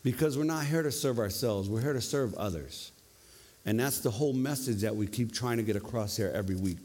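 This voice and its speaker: A man's voice: mid-range voice, a little fast. Man preaching a sermon in an echoing hall. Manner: conversational, animated, tag questions. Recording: long reverb of a hall.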